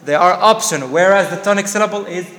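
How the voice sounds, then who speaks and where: Man, teacher, high voice, quizzes students, echoey classroom. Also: a bit bright. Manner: slow, explains step by step with questions to students. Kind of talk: classroom lecture.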